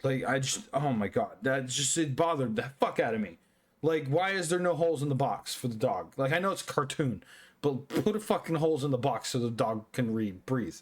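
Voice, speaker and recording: A man's voice: medium pitch, expressive, a little fast, husky. A young man, a little drunk, rambling through a casual review of a cartoon film, swearing often and restarting his sentences. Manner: rambling, profane, many restarts and fillers. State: tipsy.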